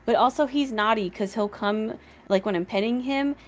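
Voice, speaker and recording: A woman's voice: on the high side, moderate pace. A woman chatting casually on a live stream about her tabletop game character and her cats, in a bubbly, rambling way.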